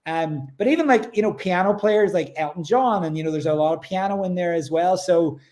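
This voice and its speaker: A man's voice: high voice, a little fast, a little mellow. An Irish man, a musician guest, chatting casually on a radio show about his influences, rambling with fillers.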